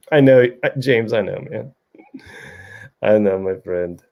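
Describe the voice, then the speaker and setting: A middle-aged man with a low, gravelly voice hosting a casual livestream chat. He rambles and jokes, talking straight to viewers as he works through their comments. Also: slow, dark tone.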